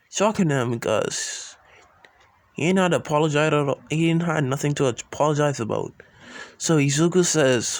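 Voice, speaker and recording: A man's voice: on the high side, normal speed. A man improvising a fan-fiction story into his phone, rambling, restarting and correcting himself as he goes. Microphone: phone, sometimes far from it.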